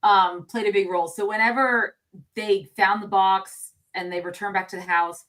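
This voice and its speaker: A woman co-hosting a relaxed film talk show. She rambles and thinks out loud, restarting her sentences as she works through her ideas. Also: mid-range voice, moderate pace. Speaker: co-host. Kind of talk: casual film discussion.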